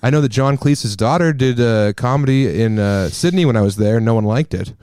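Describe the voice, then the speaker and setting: An American man in casual chat, teasing and making wry deadpan jokes. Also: medium pitch, fairly quick, clean tone, dry recording, clean studio sound. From United States. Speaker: guest comedian.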